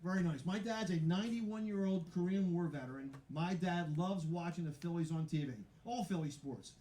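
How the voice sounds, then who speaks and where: Male stand-up comic, high voice, rambling self-mocking delivery, laughs at his own jokes, roomy live venue sound. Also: moderate pace, dark tone, a little hiss or hum. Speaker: stand-up comedian. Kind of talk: stand-up comedy set. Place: live comedy venue with audience.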